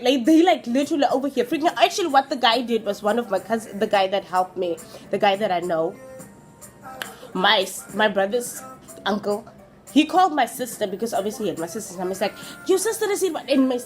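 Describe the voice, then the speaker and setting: A young Namibian woman with a Namibian accent, telling a storytime vlog in a casual, animated way and acting out what people said. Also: a little high. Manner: animated, switches between English and Afrikaans, acts out quotes. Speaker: vlogger.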